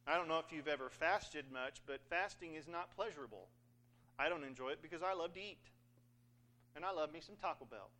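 A man's voice: on the high side, sharp tone. A man preaching a sermon in a conversational, joking way, acting out scripture passages. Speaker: pastor.

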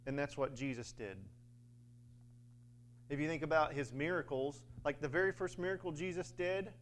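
A man's voice: mid-range voice, a little hiss or hum. A man preaching a sermon in a conversational way, with fillers and little acted-out quotes.

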